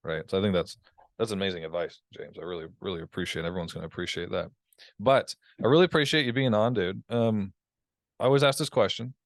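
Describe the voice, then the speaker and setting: A man's voice: deep voice, no echo, studio quality. A man hosting a podcast interview, agreeable and enthusiastic in casual conversation. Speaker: podcast host.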